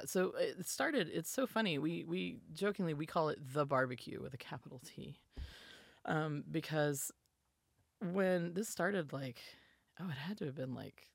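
Gravelly-voiced woman from the South. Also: sits low, dry recording, clean studio sound. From American South. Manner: chatty storyteller, many restarts and asides. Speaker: podcast guest. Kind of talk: casual chat.

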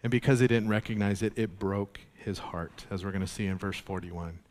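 A man's voice: on the low side, fairly quick. Man preaching in an echoing hall. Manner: earnest, animated preaching with laughs and repetition. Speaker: pastor. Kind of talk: sermon.

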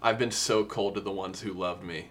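A man's voice: deep voice, steady tone, normal speed, a little hiss or hum. A man co-hosting a podcast, chatting casually about an album, earnest and openly emotional as he quotes lyrics. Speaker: podcast co-host. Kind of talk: casual music review chat.

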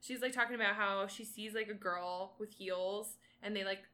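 A young woman on a casual podcast who jokes and quips a lot. Her voice is bright and clear. She keeps the talk light and casual. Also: mid-range voice, steady tone. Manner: playful and laughing, quick quips. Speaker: podcast co-host. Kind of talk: casual chat.

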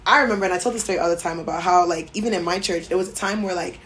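A young adult woman co-hosting a podcast, telling stories in an animated, chatty way. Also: on the low side, very fast, a little hiss or hum. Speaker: podcast co-host. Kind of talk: casual chat.

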